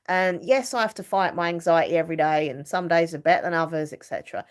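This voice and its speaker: A middle-aged woman talks casually to her live stream viewers. Her voice sits a little low, and she rambles along with plenty of fillers and easy laughter. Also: fast. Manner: chatty and rambling, many fillers, laughs easily. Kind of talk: casual chat.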